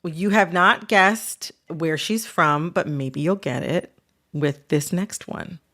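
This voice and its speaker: A woman's voice: lowish voice, slow pace, sharp tone, a little hiss or hum. A woman hosting a casual interview, playful and teasing. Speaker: host.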